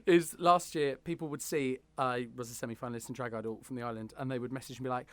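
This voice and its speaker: A man's voice: mid-range voice, fairly even intonation. A man from the Isle of Wight, a drag performer, chatting in an interview, self-mocking and joking. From Isle of Wight, England. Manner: chatty, self-mocking, quick jokes, lots of laughing. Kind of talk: casual interview chat.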